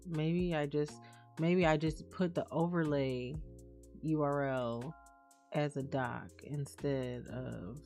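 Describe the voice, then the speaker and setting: A woman's voice: deep voice, fairly even intonation, slow pace, dark tone, faint music behind. A woman streaming live, chatting casually and reading out and answering messages from her chat. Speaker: livestreamer.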